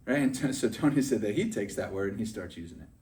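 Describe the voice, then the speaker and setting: A man's voice: on the low side, expressive, fast talker, dark tone, far from the mic. A man giving a motivational sales training talk, chatty and often asking "right?" to check in with his listeners.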